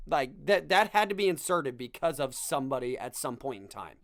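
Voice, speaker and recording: A man's voice: medium pitch, sing-song, brisk, fairly bright tone, no room sound. Man ranting sarcastically in a dry room. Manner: sarcastic ranting with self-deprecating asides. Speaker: podcast host. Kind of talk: comedic monologue.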